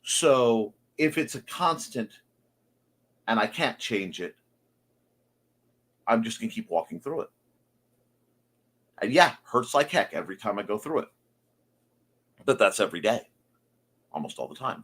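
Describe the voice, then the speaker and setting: A man's voice: lowish voice, animated, normal speed, long pauses, fairly bright tone, breathy edge. A man hosting a creative morning show, talking earnestly and confessionally in a folksy way. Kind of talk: reflective monologue.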